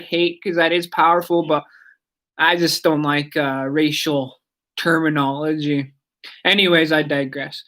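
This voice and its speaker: Woman radio language teacher, slightly low voice, unhurried, repeats each word carefully. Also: steady tone, fairly bright tone. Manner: chatty, digressive, repeats words slowly for learners. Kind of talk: casual spoken language lesson.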